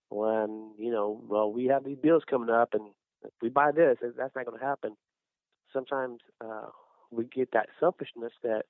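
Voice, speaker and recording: A man's voice: mid-range voice, no echo. A middle-aged man talks through his faith story in a loose, rambling way, full of restarts and fillers. His voice comes through thin and phone-like, with no room sound at all. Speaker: guest, small business owner. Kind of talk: casual faith testimony. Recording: dry, tinny phone-like sound.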